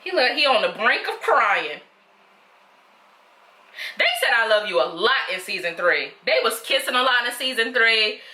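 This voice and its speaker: A woman vlogger gives casual reaction commentary, chatty and opinionated. She sometimes calls her viewers "girl". Her voice sits a little high and sounds bright and sharp, and the recording carries a noticeable room echo. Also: very animated, normal speed, pauses often.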